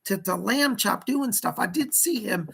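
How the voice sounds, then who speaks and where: A man's voice: sits high, lively intonation, a little slow, gravelly, sharp tone, breathy edge. A man hosting a casual psychic livestream, chatty and fussy, greeting viewers and scolding a pet companion.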